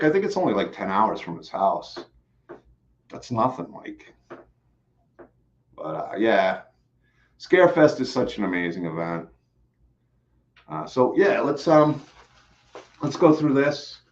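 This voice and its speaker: A man's voice: fairly low pitch, sing-song, unhurried, long pauses. A man hosting a live stream, chatting casually and rambling with lots of fillers and restarts, a bit out of breath. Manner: rambling, repeats himself, many fillers. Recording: slightly dull, lo-fi stream audio.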